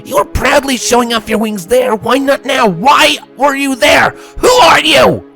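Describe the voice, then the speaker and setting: A man's voice: high-pitched, wildly swooping pitch, moderate pace, vocal fry, soft background music, voice pushed up, full character voice. A man doing a snappy, hot-tempered pegasus filly. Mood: angry. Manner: aggressive, snappy and loud.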